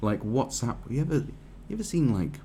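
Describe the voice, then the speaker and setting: A man's voice: mid-range voice, very animated, fairly quick, dark tone, slight background noise. A man giving profane, rambling, sarcastic commentary on a news article.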